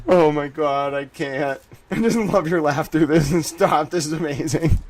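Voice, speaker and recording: Laughing often, the livestream host breaks away from the court transcript he's reading to comment in amused disbelief. He speaks a bit slowly, with an animated, somewhat mellow voice on the high side.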